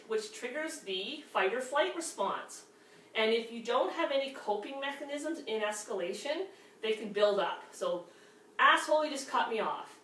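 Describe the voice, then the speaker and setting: Female instructor from Canada, chatty lecture style, slightly high voice, roomy distant recording with faint background hum. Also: a bit bright. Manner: conversational, frequent "okay" and "right" check-ins. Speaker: workshop instructor. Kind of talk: class lecture on anger management. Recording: echoey room, distant mic, faint ambience.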